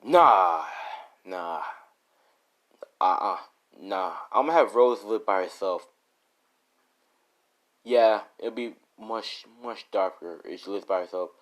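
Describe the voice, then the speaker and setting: A man's voice: fairly low pitch, expressive, slow pace, long pauses, a bit bright. A man telling a made-up story off the cuff, rambling and correcting himself as he goes. His speech is casual and loose, stitched together with fillers and restarts.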